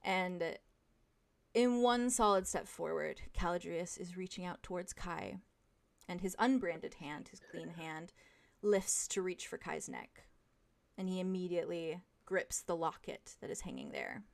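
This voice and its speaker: Gravelly-voiced young woman narrating a tabletop game. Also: on the low side, measured pace. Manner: hushed, dramatic storytelling. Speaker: game master.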